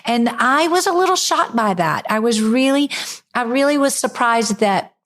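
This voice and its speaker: A woman's voice: a little high, normal speed. A middle-aged woman with a Southern US accent, chatting animatedly as an interview guest about her wedding design work. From American South. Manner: chatty, animated, laughs easily. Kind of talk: casual interview chat.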